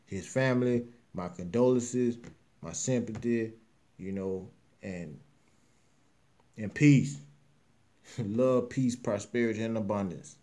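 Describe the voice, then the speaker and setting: A man's voice: fairly low pitch, slow pace, long pauses, mellow. A man hosting his show, delivering an emotional, impassioned monologue in a preachy, repetitive way. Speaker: host.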